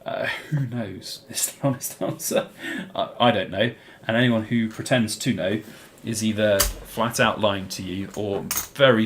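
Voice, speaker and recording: A British man with a somewhat low voice hosts a relaxed live stream and answers viewer questions as they come in. He rambles, often pausing on "um" and "uh" and restarting his sentences. A faint noise sits under his voice. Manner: rambling, many fillers and restarts. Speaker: channel host answering live chat.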